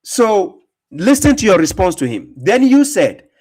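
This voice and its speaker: A man's voice: sits high, very animated, a little slow, darkish tone. A man hosting a reaction commentary, talking in a mocking, emphatic way, laughing often and repeating words. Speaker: host reacting to a video.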